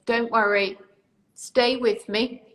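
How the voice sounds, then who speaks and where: A woman's voice: fairly high pitch, fairly even intonation, slow pace, fairly bright tone. A British woman from near London hosting a live online interview, reassuring and chatty, thanking viewers by name. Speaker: host.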